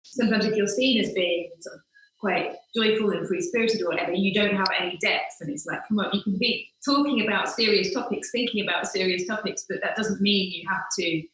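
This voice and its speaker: A woman's voice: medium pitch, a little fast, fairly bright tone. Young woman in an echoey room. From Manchester, England. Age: young adult. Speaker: interview guest. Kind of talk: casual interview chat.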